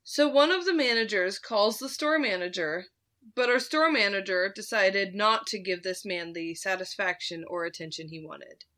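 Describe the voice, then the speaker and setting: A woman's voice: medium pitch, moderate pace, sharp tone. A woman host casually telling a story from her retail job, laid-back, swearing freely and laughing at her own tale.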